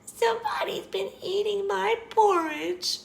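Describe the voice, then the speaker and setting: Woman as a squeaky, whiny little bear cub, storybook reading, roomy sound. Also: measured pace, creaky, exaggerated voice. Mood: upset. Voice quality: high and squeaky. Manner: whiny, upset. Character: tiny young male bear cub, squeaky.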